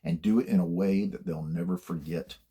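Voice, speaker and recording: A man's voice: low-pitched, steady tone, brisk, mellow, breathy edge. An older man giving blunt, plainspoken career advice in a casual monologue, swearing freely as he tells stories from his working life. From United States.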